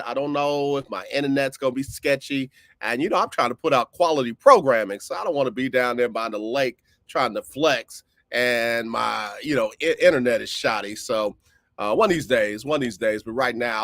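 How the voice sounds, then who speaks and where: A middle-aged man, hosting a casual live-streamed sports talk show. He talks in an animated way, repeats phrases for emphasis and jumps up in pitch when he gets fired up. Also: no room sound.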